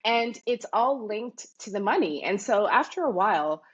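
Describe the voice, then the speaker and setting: A woman from Canada, a guest in an interview, who talks in a thoughtful, animated way with many fillers. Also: mid-range voice, moderate pace, husky, dull audio. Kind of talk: casual interview talk.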